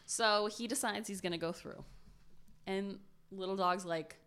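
A woman casually retelling a survival story to her co-host, animated and dropping to a hush at tense moments. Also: mid-range voice, unhurried, a little hiss or hum.

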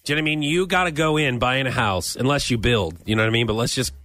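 A man's voice: mid-range voice, quick pace, a bit bright, faint music behind. A man co-hosting a radio show in casual chat, wisecracking and self-deprecating.

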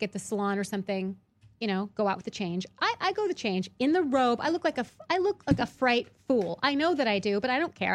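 A woman's voice: on the high side, dry recording. A woman in her thirties, a guest in casual chat, telling stories animatedly with many restarts. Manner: animated storytelling, frequent restarts.

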